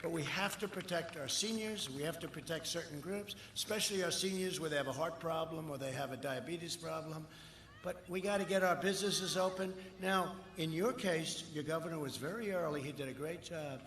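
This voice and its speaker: An older man speaking at a campaign rally, rambling and boastful, swinging between shouted lines and muttered asides. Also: on the high side, brisk. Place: outdoor rally. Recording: echoey outdoor rally with long reverb and faint crowd noise.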